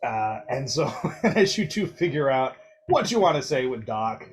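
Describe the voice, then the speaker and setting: A man's voice: medium pitch, very animated, normal speed. A man narrating a tabletop game as game master, chatty and descriptive, with fillers and light laughter between lines.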